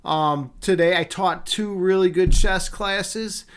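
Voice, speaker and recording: High-voiced rambling streamer man from Chicago. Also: takes it slowly, fairly bright tone, clean tone. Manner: rambling, repeats words, frequent fillers. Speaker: streamer host. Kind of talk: casual live-stream chat.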